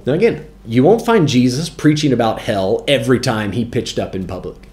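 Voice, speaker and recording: A man preaching a sermon in a mid-pitched voice. He quotes scripture in old-style wording and slows down to drive points home, emphatic throughout. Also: lively intonation, darkish tone. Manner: varies pace, slows down for weight.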